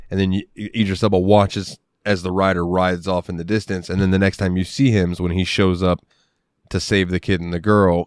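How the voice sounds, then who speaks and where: A man's voice: deep voice, a little mellow, dry recording, clean studio sound. A man co-hosting a podcast, chatting about a movie in a laid-back, enthusiastic way and swearing freely. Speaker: podcast co-host. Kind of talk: casual movie review chat.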